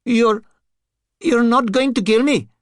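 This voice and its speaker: A woman voices a frightened, sobbing man who whimpers and stammers, using a medium pitch raised slightly above her own at a measured pace, close to an everyday voice. The recording is dry and studio quality.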